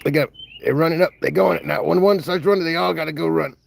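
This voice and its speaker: A man's voice: quick pace, gravelly, a little hiss or hum. A man vlogging casually outdoors on a cattle farm, talking in a playful, slangy, teasing way. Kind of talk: casual vlog chat. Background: cattle lowing nearby.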